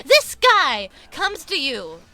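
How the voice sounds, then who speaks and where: A woman voicing a whiny, pedantic online commenter in a squeaky, tight-jawed baby voice for a comedic rant. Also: wildly swooping pitch, slow, sharp tone, no echo, heavily acted. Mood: mocking.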